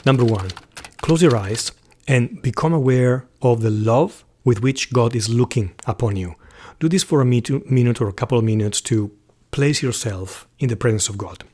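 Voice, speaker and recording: An earnest man speaks at a mid-range pitch, sincere and heartfelt. He moves between reflective talk and measured poetry reading, sometimes dropping into a soft whisper. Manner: earnest, heartfelt, reads verse slowly with soft whispered passages. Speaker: host of a Catholic channel.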